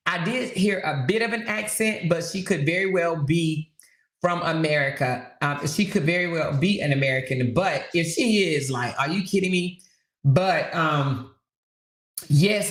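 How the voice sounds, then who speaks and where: A woman's voice: deep voice, a bit bright. Woman host of a casual live chat; talkative, reads out viewer comments, roomy sound. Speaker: livestream host.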